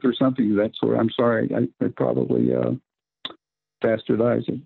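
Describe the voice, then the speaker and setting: A man preaching on a radio Bible program, talking in halting bursts with many restarts and tag questions. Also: mid-range voice, flat delivery, vocal fry, breathy edge, no echo. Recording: tinny phone-line radio broadcast.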